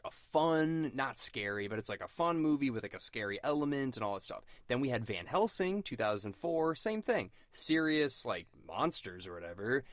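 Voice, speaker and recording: A man co-hosting a casual podcast chat, animated and laughing often as he talks. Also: medium pitch, no echo, clean studio sound. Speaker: podcast co-host.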